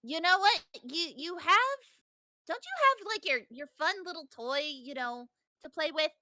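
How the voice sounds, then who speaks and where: A woman playing a tabletop game, giggly and animated, swearing freely. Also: high-pitched, a little slow, no room sound. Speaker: player. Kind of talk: casual tabletop game play.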